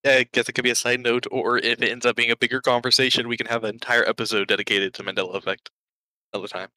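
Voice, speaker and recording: A man's voice: medium pitch, flat delivery, fast talker, sharp tone, no room sound, rough recording. A man co-hosting a podcast, chatting casually and rambling with lots of fillers, running short of breath. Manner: rambling, hesitant, many fillers. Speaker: podcast co-host. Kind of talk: casual chat.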